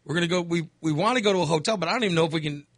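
A man in his fifties from Texas hosts a casual chat, telling a candid, rambling story. His voice is a little high and fairly bright, and he races along, with no echo in the recording.

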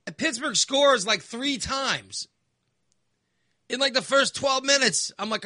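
A man's voice: very high-pitched, takes it slowly, pushed and bright, dry recording, clean studio sound. A man ranting casually, exasperated and sarcastic, sounding fired up. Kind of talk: casual opinion rant.

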